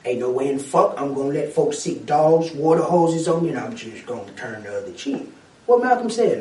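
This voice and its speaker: A man with a high voice holds forth in a profane, animated rant full of street slang. He sounds set back from the mic, and the room gives his voice a strong echo. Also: normal speed. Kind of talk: casual chat. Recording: echoey room, mic at a distance.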